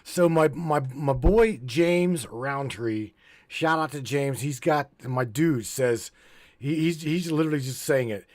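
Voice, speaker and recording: A man hosting a casual live stream, halting and stammering, restarting his sentences often. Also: fairly high pitch. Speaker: podcast host.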